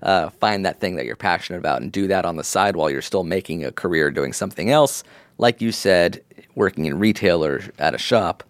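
This is a man with a very deep voice, co-hosting a casual advice podcast. He rambles easily from one thought to the next, filling gaps with "like" and "um." The sound is dry and close, with no room around him. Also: a little fast, dry recording. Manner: relaxed, rambling, heavy use of "like". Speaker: podcast co-host giving advice.

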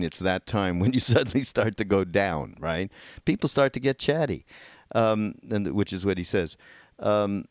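A man's voice: fairly low pitch, clean tone, dry recording, studio quality. A man in casual conversation who rambles and hesitates, laughing now and then as he retells an article. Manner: rambling, hesitant, laughs while telling a story.

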